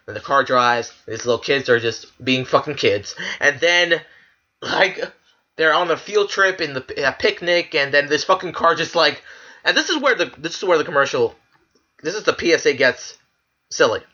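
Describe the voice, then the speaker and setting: A man's voice: on the high side, pushed and bright, muffled recording. A man giving casual, profane commentary while ranking clips, ranting in disbelief and laughing. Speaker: video creator ranking clips.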